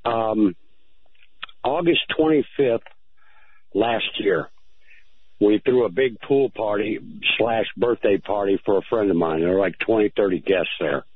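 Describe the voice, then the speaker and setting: Male radio caller, halting storyteller, heard over a tinny phone line. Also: lowish voice, husky. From United States. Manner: halting, repeats words. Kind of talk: phone-in account.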